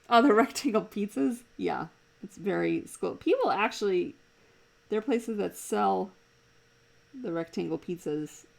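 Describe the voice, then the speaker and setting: Chatty woman streamer drawing live, voice sits low with a gravelly edge; amused, rambling asides. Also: darkish tone, poor audio. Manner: chatty and amused, laughs often, rambles between thoughts. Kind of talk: casual chat while drawing live. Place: home desk.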